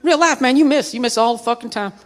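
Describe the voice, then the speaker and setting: A man's voice: very high-pitched, fast talker, long reverb tail, a little hiss or hum. A man voicing a folksy redneck gun-store clerk in a stand-up bit, drawling, trailing off and repeating himself. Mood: drawling, insistent. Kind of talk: stand-up impression.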